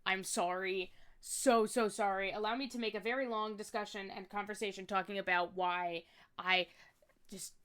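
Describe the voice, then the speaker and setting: A woman's voice: medium pitch, fairly bright tone. A young woman streamer rambling in a playful, self-mocking way during a casual drawing stream. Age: young adult. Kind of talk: casual chat while drawing.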